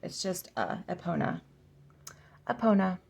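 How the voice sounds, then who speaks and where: A woman hosting a casual flip-through vlog, slowly sounding out names aloud, correcting herself and musing with giggly asides. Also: on the low side, lively intonation, vocal fry. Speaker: oracle deck reviewer.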